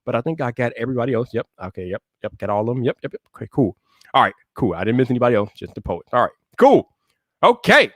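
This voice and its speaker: A man hosting a tech live stream in casual chat, hyping it up playfully and shouting greetings to his chat. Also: medium pitch, big pitch swings, fast, dry recording.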